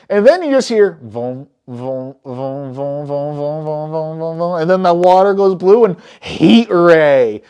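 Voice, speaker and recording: A woman giving a casual, spoiler-filled movie recap, excitable and swearing often, who breaks off her phrases mid-thought. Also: on the low side. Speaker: movie reviewer.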